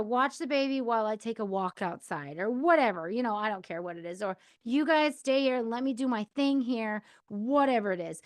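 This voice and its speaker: A woman's voice: on the high side, dry recording, clean studio sound. A middle-aged woman hosting a podcast, giving casual, encouraging advice straight to the listener. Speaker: podcast host.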